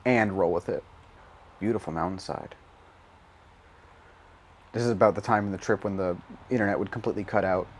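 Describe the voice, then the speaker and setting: A man's voice: deep voice, fairly quick, pauses often, slight background noise. Rambling, profane young man. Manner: rambling, profane, self-mocking, laughs often. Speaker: gaming YouTuber. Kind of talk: casual gameplay commentary.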